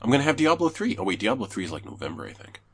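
A young man chatting casually about video games, telling animated stories and swearing often. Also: very fast, creaky, husky. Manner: animated storyteller, swears, jumps high when excited. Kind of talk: casual gaming chat.

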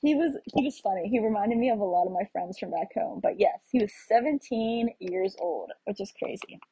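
A young woman with an American accent tells her travel stories in a loose, chatty way, full of fillers and restarts. Her voice sits at a middle pitch with a touch of huskiness, and the recording is close and dry. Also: a little fast, warm tone, husky, dry recording, low-quality recording. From United States. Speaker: travel vlogger. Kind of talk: casual travel storytelling.

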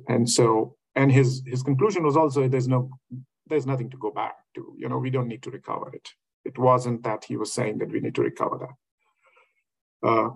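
Gravelly, husky man musing on ideas. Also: fairly low pitch, rough recording. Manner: hesitant, many fillers and restarts. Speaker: academic speaker. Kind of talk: reflective lecture talk.

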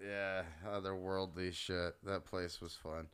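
A man's voice: sits low, flat delivery, unhurried, fairly bright tone, smooth. A man co-hosting a casual podcast chat, laid-back and agreeable, often chiming in. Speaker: podcast co-host.

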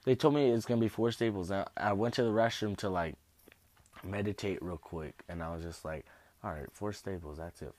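A man's voice: low voice, darkish tone, dry recording. A young man telling stories about his injuries in a rambling, casual way, with laughs and casual swearing. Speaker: host. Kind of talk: casual storytelling.

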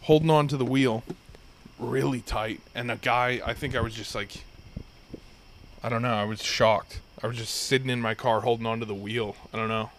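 A young man in a laid-back podcast chat, spinning a rambling anecdote and swearing freely as he goes. His voice sits in an ordinary middle pitch and the delivery stays loose and conversational. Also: fairly even intonation, normal speed, a bit bright, a little hiss or hum. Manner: rambling, profane anecdote telling. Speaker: podcast host. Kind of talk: casual storytelling chat.

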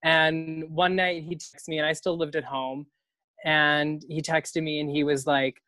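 A man's voice: fairly high pitch, steady tone, normal speed, sharp tone, dry recording. A young man spins a story in casual chat, talking loosely, swearing and laughing as he goes. The recording is dry and close, with no room sound. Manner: chatty, swears freely, laughs often.

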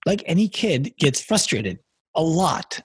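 A man in his thirties hosts a podcast, casually chatting in an interview and telling a story, often restarting and repeating words as he begins sentences. His voice is a little high, husky and very animated, unhurried, with no room sound.

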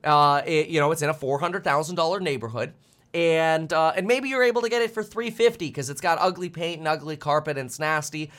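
A man's voice: a little high, brisk, fairly bright tone. A man streaming finance commentary, ranting bluntly and fired up, often stumbling over repeated words.

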